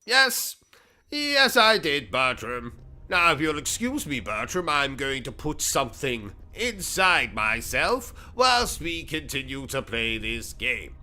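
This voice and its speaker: A man's voice: mid-range voice, sing-song, unhurried, pushed and bright. Pompous, ranting British man. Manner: pompous, insulting, over-the-top rants. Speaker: gaming channel host. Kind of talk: comedic livestream commentary.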